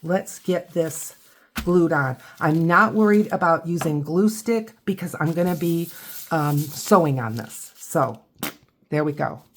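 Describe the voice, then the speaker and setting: A woman's voice: sits low, animated, measured pace, a little hiss or hum. An older woman from the Midwest, chatting casually as she walks through a craft tutorial, rambling and correcting herself as she goes. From Ohio and Michigan, USA. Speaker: craft channel host.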